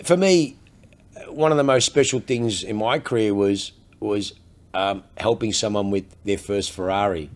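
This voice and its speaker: An Australian man who sells luxury cars tells stories on a casual podcast in a somewhat low, unhurried voice. Energetic and swearing constantly, he's a profane and animated storyteller.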